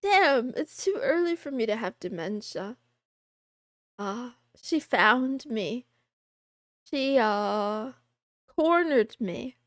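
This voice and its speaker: A playful, giggly woman talks with her viewers on a casual livestream, meowing now and then in a cat persona. Her voice sits high and swoops up and down a lot, and she takes her time over the words. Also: animated, slow pace, pauses often, no room sound, studio quality. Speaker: VTuber streamer. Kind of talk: casual livestream chat, reading out viewer names.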